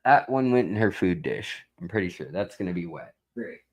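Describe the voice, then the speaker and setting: A man hosting a live stream in casual chat, rambling and slow, now and then talking baby talk to his cat. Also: sits low, big pitch swings, low-quality recording.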